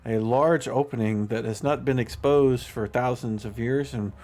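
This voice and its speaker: A man's voice: medium pitch, moderate pace, a little mellow, close to an everyday voice. A man voicing a businesslike male gnome foreman in a tabletop game, polite and bargaining.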